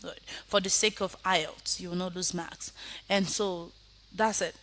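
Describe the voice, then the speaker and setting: A woman teaching a speaking lesson over a video call, often swinging from soft to loud for emphasis. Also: fairly low pitch, steady tone, a little slow. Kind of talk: online lesson.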